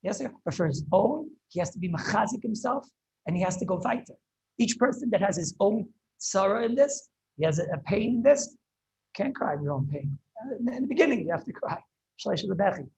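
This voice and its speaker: A man, a rabbi, giving an impassioned Torah lecture over a video call, often halting and repeating words as he searches for them. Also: sits high, expressive, vocal fry, darkish tone, husky, rough recording. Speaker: rabbi teaching a class.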